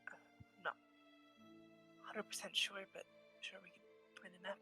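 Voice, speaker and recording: A woman playing her character at a tabletop game, speaking quietly and hesitantly. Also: medium pitch, flat delivery, normal speed, faint music behind. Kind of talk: in-character tabletop role-play.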